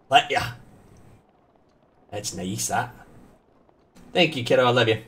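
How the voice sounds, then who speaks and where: A man's voice: mid-range voice, a little slow, pauses often. A man streaming a video game live, chatting casually with viewers, joking and swearing often. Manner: animated, swears often, jokes with chat.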